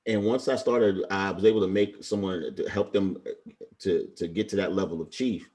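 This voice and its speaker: A man's voice: low-pitched, fairly even intonation, normal speed, a little mellow. A man in his forties from Brooklyn, a retired Navy chief telling stories with passion and earnest feeling in a casual interview. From Brooklyn, New York. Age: 40s.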